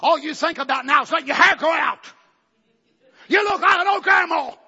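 A preacher voicing a nagging, disapproving older mother who shouts her complaints. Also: sits high, normal speed, long reverb tail, highs cut off, voice pushed up. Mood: scolding.

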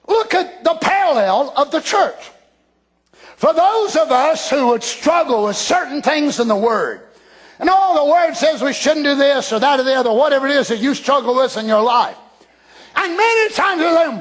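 High-pitched fervent preacher, drawl. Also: male voice, sing-song, a little slow. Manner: fervent, swings from hushed asides to shouted declarations. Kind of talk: Pentecostal-style sermon.

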